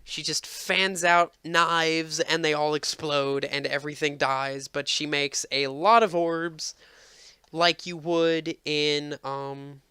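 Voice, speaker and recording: A man's voice: a little high, steady tone, takes it slowly, sharp tone, clean tone, no echo, clean studio sound. A man giving casual, rambling gameplay commentary as a game reviewer, exasperated and full of ums.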